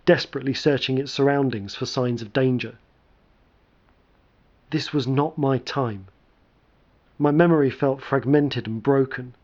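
A man narrating a first-person story in a measured, dramatic way. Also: medium pitch, a little mellow. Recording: dull lo-fi recording.

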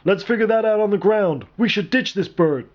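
A man voicing a blunt, hulking male soldier who shouts over the noise. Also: sits high, moderate pace, highs cut off, pitched above the performer's own voice, lightly acted. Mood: urgent.

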